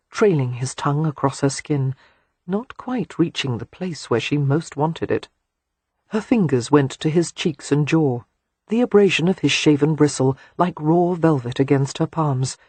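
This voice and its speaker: An audiobook narrator with a breathy, husky tone reads romance prose in a soft, intimate, even way. The sound is close and dry, with no room around it. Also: medium pitch, a little slow, no room sound.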